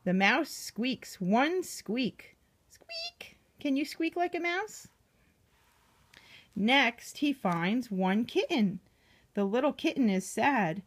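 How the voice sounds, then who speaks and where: A woman reading a picture book aloud to a young child, gently asking the child questions as she goes. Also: on the high side, expressive, slow.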